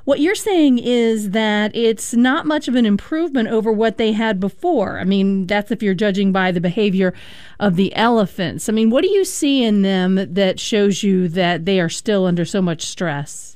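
A woman's voice: mid-range voice, moderate pace, a little mellow, clean tone, no echo, studio quality. A woman hosting a radio interview, asking questions in an engaged, conversational way. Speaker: radio host.

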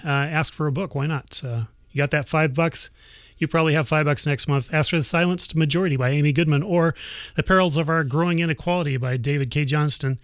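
A woman hosting a public affairs radio show, pitching a pledge drive and the news in a measured, halting way. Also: no echo. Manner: measured, halting, with many fillers. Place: radio studio.

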